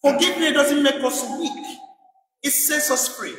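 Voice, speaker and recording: High-voiced preacher in an echoey church. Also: male voice, unhurried, fairly bright tone, recorded from a distance, a little hiss or hum. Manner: emphatic, repeating rhetorical questions. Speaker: priest. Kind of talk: sermon. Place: church in England.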